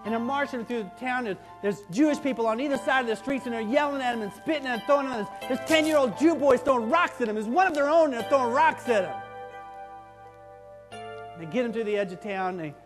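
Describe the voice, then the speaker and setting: Man doing rough ex-con, streetwise, coarse slangy talk, loud then hushed, high-pitched, church reverb. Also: lively intonation, quick pace. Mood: impassioned. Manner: coarse colloquial talk, swinging from loud outbursts to hushed tones. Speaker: pastor. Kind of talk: first-person dramatic monologue in a sermon. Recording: reverberant church sanctuary with faint music.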